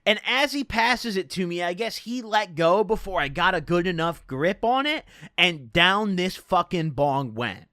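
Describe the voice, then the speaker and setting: A man's voice: sits high, expressive, a little slow, hardly any pauses, pushed and bright, no room sound, clean studio sound. A man in his twenties casually telling a rambling, profane story from his own life. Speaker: streamer.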